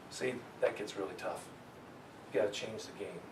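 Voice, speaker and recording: A man teaching a real estate sales seminar to a live audience, energetic and joking, often laughing at his own stories. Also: lowish voice, unhurried, background noise. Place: meeting room with a live audience. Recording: echoey room, mic far off.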